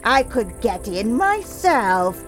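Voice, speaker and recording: A woman voicing a cruel old witch in a storybook reading, drawing her words out slowly and gloatingly. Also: a little high, big pitch swings, music in the background, pitched above the performer's own voice. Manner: slow, drawn-out, gloating. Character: cruel old witch luring children, jeering.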